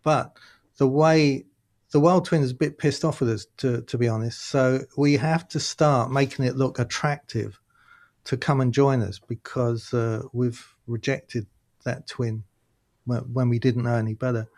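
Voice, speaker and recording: A man, a guest in a casual interview, talking in an animated storytelling way and laughing often. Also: medium pitch, measured pace. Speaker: guest, workshop leader.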